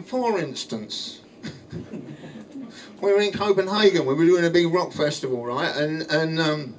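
An older man tells a rock-and-roll anecdote at a book signing, animated and laughing, with halting restarts. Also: fairly high pitch. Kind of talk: anecdotal storytelling to an audience. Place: bookshop, indoors. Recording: distant mic with faint room noise.

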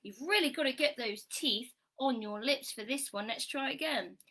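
A woman teaching a children's phonics lesson, praising warmly and sounding out letters slowly and clearly. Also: a little high. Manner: bright, encouraging, sing-song praise.

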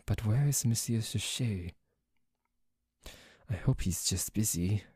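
A man's voice: fairly low pitch, takes it slowly, mellow, husky, dry recording, clean studio sound, heavily acted. A man voicing a protective young French nobleman with a put-on French accent, commanding toward a rival and tender toward his partner, in an audio role-play. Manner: indignant, commanding, then tender. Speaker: voice actor.

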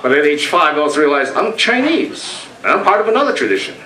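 A man's voice: on the high side, very animated, bright, forceful tone, a little hiss or hum. Distant-miked older man in an echoey room. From United States. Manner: storytelling, with quoted voices and pauses. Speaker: speaker presenting a talk. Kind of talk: lecture to a meeting.

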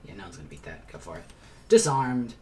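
A man's voice: low-pitched, sing-song, quick pace, dark tone, a little hiss or hum. A man giving casual gameplay commentary as a let's player, chatty, explaining as he plays, swearing now and then and muttering asides to himself.

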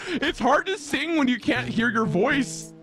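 Brief: giggly female streamer run through a male-sounding voice changer, slow and bouncy delivery, game music loud underneath. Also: high voice, big pitch swings. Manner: playful, giggly, reads and answers chat. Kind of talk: casual gaming stream chat.

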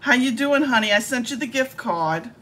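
Animated high-voiced woman, teasing and theatrical. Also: normal speed, noisy background. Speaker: scam-baiting live streamer. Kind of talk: casual live-stream talk.

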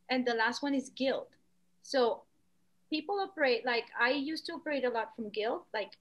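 A woman artist talking as a podcast guest, lively, acting out quoted voices. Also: moderate pace. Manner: animated, acts out quoted voices with pitch jumps. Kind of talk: conversational podcast interview.

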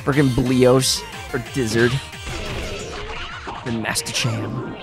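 A young man giving excited, swearing live commentary on computer fights, laughing often and tripping over his words. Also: medium pitch, takes it slowly, music in the background. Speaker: gaming video host.

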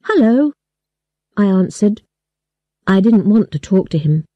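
Woman narrator, slow clear learner-story reading, dark mellow tone, dull dry recording. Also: mid-range voice, dry recording. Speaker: story reader.

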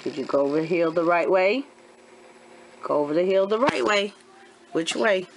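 A woman in her forties, a homeschooling mother, gently coaching her kindergartner through a handwriting lesson at home and repeating each step patiently. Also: lowish voice, expressive, normal speed, slight background noise. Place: at home indoors.

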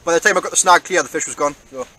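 A man's voice: a little high, racing, sharp tone. A man explaining his fishing setup in a matter-of-fact way on a windy beach. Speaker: angler vlogger. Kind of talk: casual outdoor vlog commentary. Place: open beach on a windy evening.

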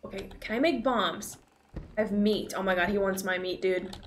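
Speaking at medium pitch and a moderate pace, a young woman chats casually as she streams a horror game. Scares set her swearing and shrieking with laughter. Her room sounds echoey, with a faint hiss of noise.

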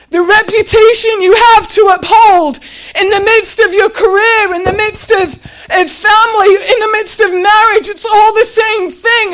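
A woman's voice: very high-pitched, fairly bright tone. A woman preaching a sermon with passion, often near tears and raising her voice as she repeats rhetorical questions.

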